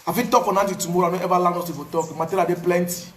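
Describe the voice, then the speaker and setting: A man with a Cameroonian Pidgin English accent tells his own story in a casual, animated way, repeating words for emphasis. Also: sits high, rapid-fire, reverberant. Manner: animated, repetitive, pidgin phrasing. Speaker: activist.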